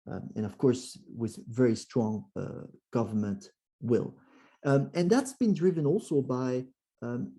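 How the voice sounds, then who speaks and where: A man's voice: mid-range voice, slightly rough. A man with a French accent giving a presentation to a club, often restarting and acting out quoted voices. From France. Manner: frequent fillers and restarts, animated quoted voices. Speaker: guest speaker.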